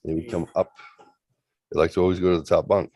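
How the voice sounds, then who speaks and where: Speaking fast in a low, level, darkish voice, this host retells a spooky tale in a loose, meandering way. He slips into raised voices whenever he quotes the people in the story.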